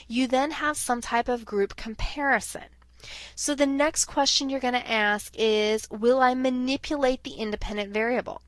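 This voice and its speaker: Woman lecturer, kinda high voice, dry close sound, walks thru each step. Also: fairly bright tone, no room sound. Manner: explanatory, walks students through questions step by step. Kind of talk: recorded lecture.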